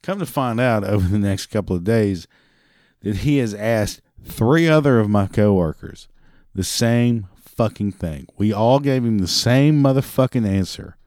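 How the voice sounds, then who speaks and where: A man's voice: fairly low pitch, darkish tone, no echo, studio quality. A man in customer service ranting through a story about a stubborn customer, profane, sarcastic and exasperated. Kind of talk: storytelling rant.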